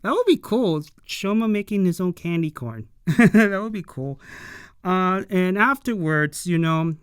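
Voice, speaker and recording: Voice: mid-range voice, clear, resonant tone, no room sound, studio quality. A reviewer recapping an episode in a casual, rambling way, full of fillers and blunt opinions. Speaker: anime and tokusatsu episode reviewer.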